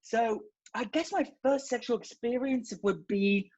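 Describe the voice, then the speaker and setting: A woman's voice: a little high, unhurried, breathy edge. A woman playing a bumbling male sex expert obsessed with rats, rambling and hesitant in a put-on British accent that slips, heard over a video call. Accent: put-on British, slipping. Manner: rambling, hesitant, absurd deadpan boasts. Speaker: guest. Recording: dull lo-fi video call audio.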